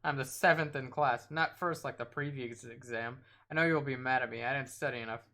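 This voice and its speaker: A man's voice: medium pitch, fairly quick, pushed and bright. A man doing a shy, serious little girl. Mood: glum.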